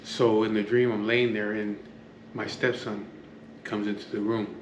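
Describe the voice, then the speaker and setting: A man's voice: lowish voice, level tone, measured pace, reverberant, slight background noise. A man telling a story casually to camera from his home, rambling, swearing often and drifting into asides. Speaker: vlogger. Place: at home, near an open door to the street.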